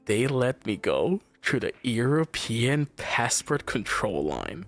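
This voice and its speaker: A young man, a streamer, telling a story as a casual, exasperated rant full of swearing. He swings between his high voice and deep mock tones. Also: sing-song, slow, few pauses, faint music behind.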